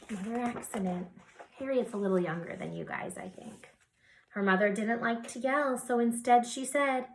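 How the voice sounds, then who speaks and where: A woman teacher reading a picture book aloud to young children, gentle and soothing with soft whispered asides. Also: mid-range voice, a little slow, slight background noise.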